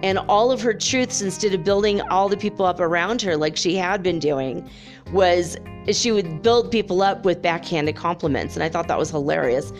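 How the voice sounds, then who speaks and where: Chatty lady just talking to camera, laughs a lot, um and you know everywhere, soft music behind. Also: lowish voice, moderate pace. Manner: chatty, laughs often, many fillers. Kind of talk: casual storytelling monologue.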